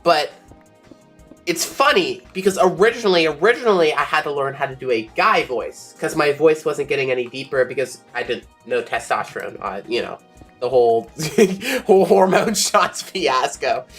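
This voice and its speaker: A woman's voice: low voice, expressive, normal speed, husky, soft background music. A woman streamer chatting casually, talking about how she uses her voice and laughing often. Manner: chatty, demonstrating voices, frequent laughs and fillers. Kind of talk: casual chat on a game stream.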